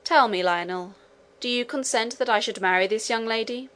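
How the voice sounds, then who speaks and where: A woman's voice: a little high, normal speed, fairly bright tone, natural voice. A woman reading the lines of a proud, ambitious young nobleman in an audiobook, with a haughty, grandiloquent delivery. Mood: impassioned.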